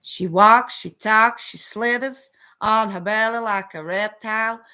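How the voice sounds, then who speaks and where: A woman doing a put-on American accent, playing a carnival barker with booming showman patter. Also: measured pace, bright, forceful tone, smooth. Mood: showman hype. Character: loud American carnival barker hyping a show.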